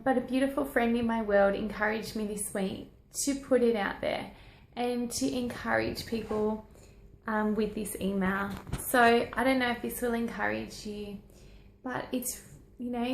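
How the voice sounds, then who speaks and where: A woman's voice: fairly high pitch, steady tone, measured pace, creaky, reverberant, slight background noise. Earnest woman on a selfie video. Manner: earnest, rambling, self-encouraging. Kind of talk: personal selfie video talk. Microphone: phone held at arm's length.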